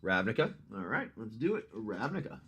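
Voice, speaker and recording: Man, livestream host, low voice, chatty, game narration, reacts to dice rolls. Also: sing-song, normal speed, breathy edge, highs cut off, soft background music. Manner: chatty, addresses the player as "my friend"; talks through dice rolls, reacts loudly to hits.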